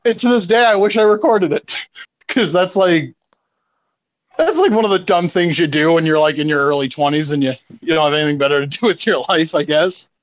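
Young guy podcasting, rambles and swears, high voice, dry dull mic. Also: fairly quick, no room sound. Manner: rambling, laughing, profane storytelling. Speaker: podcast host. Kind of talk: casual chat.

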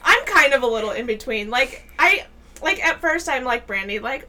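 Woman, podcast panelist, casual chat, animated, self-mocking, higher lively voice. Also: moderate pace. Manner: animated and self-mocking, jokes about her husband. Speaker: podcast guest co-host.

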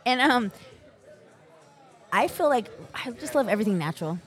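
A middle-aged woman co-hosting a podcast, talking in a brash, profane, animated casual chat. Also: fairly high pitch, moderate pace. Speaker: podcast co-host.

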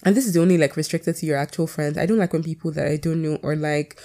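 A woman hosts her own podcast and chats alone at a quick clip, rambling and swearing as she goes. Her voice is low in brightness and mellow, with a lot of vocal fry. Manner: fast, rambling, candid, swears freely. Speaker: podcast host. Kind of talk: casual solo podcast chat.

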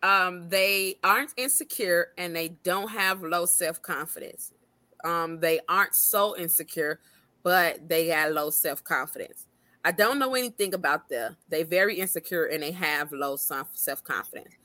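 A woman's voice: on the low side, measured pace, pushed and bright, no room sound. Laughing, slangy woman co-host. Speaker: podcast co-host. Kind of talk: casual chat.

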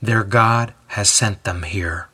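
Man doing a hushed, awed jailer. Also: on the low side, husky, full character voice. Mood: earnest. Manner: hushed, halting, earnest. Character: large male jailer, awed and earnest.

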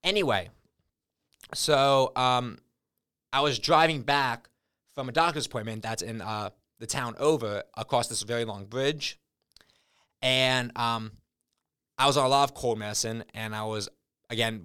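Brief: young male co-host, mid-pitched, rambling deadpan storyteller, dry close-mic sound. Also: normal speed, long pauses, smooth, dry recording. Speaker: podcast co-host. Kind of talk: casual chat.

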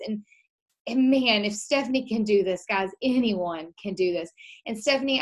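A woman hosting an online community event, speaking in an upbeat, encouraging and emphatic way. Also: fairly high pitch. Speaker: host of an online weight-loss group event. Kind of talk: motivational hosting.

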